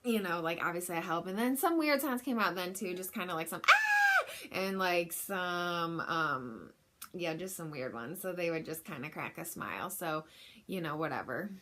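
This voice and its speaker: A woman's voice: on the low side, lively intonation, normal speed, a bit bright, a little hiss or hum. A young woman telling a personal story in a frank, chatty way, with lots of fillers. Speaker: vlogger.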